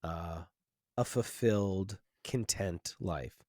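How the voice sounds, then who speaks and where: Hosting a film podcast, a man with a low, slightly mellow voice takes his time, reflecting casually and rambling. He restarts often and fills his speech with "like"s, and the recording is dry and studio quality.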